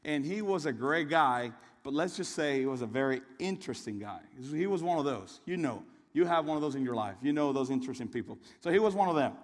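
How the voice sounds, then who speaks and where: A young man giving a sermon in a relaxed, storytelling way, often restarting his sentences and adding asides. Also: on the high side, fast, few pauses, long reverb tail. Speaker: preacher.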